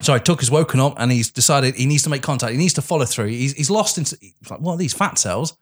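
A man's voice: medium pitch, fast talker. A man chatting casually about a film, swearing freely and acting out quoted lines.

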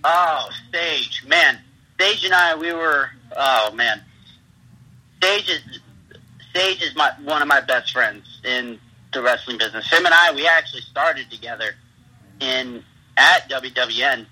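A man with a very bright, husky voice rambles through his road stories and laughs as he talks. It sounds like a phone line. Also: medium pitch, a little slow. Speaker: pro wrestler, interview guest. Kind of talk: casual interview talk.

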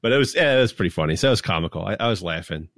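Male podcast host, low voice, dry close recording, relaxed and amused. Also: very fast, no room sound. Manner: laid-back, amused, laughs often. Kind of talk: casual chat and news reading.

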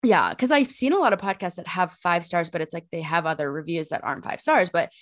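Young woman podcast co-host, rambling and animated, lots of fillers. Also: on the low side, brisk. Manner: rambling, animated storytelling with many fillers and laughs. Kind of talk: casual chat.

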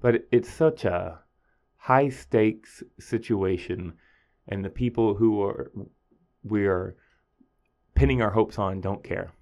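A man, a high school teacher telling a story in a casual podcast monologue, acting out his students in a higher voice. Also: takes it slowly, long pauses, darkish tone.

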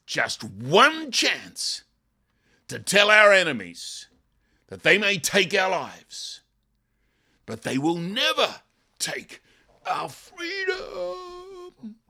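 An older man acting out a male warrior leader, shouting a passionate rallying speech to his troops. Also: medium pitch, slow, vocal fry, long pauses, voice pushed up, heavily acted.

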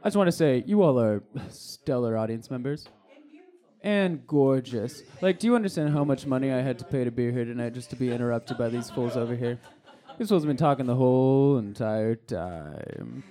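A man's voice: mid-range voice, lively intonation, moderate pace, dark tone, close to an everyday voice. A man playing a brash, mock-offended French croissant seller in live improv comedy, with a French accent.

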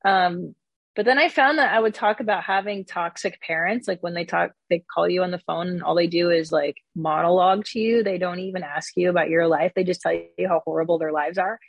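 A woman's voice: on the low side, a little fast, gravelly, husky, no echo. A middle-aged woman, a stand-up comedian and guest, talking candidly and with swearing in a casual interview, acting out the people she quotes. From born outside the country, immigrant parents.

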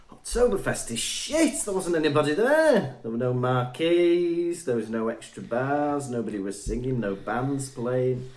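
A male podcast host chatting casually and cracking jokes. His pitch swings up and down a lot as he talks. The sound carries a roomy echo. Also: lively intonation, measured pace, darkish tone. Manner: jokey, laughs easily. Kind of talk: casual chat.

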